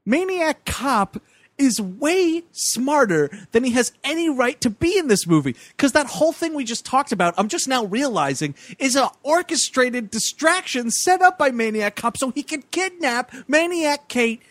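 A man's voice: extremely high pitch, big pitch swings, normal speed, a bit bright, dry recording. A man co-hosting a podcast, recapping a movie in casual, joking, profane chat. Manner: joking, profane, puts on goofy voices for characters. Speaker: podcast co-host.

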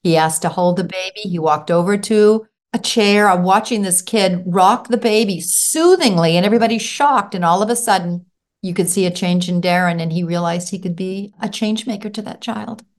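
A middle-aged woman who used to teach, a guest on a podcast interview, telling stories in a lively way and acting out what children said. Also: medium pitch, moderate pace. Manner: animated storyteller acting out children's voices. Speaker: guest author and former teacher.

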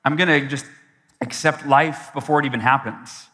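Bright, animated motivational speaker man. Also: mid-range voice, moderate pace. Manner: storytelling, acts out his own past voice with big swings. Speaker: keynote speaker. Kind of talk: motivational keynote speech. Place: large event hall. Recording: long hall reverb from a live event.

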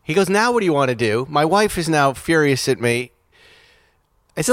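A man's voice: medium pitch, normal speed, no echo, studio quality. Self-mocking man telling a story. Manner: animated, self-mocking, laughs while telling. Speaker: podcast co-host. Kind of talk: casual chat, storytelling.

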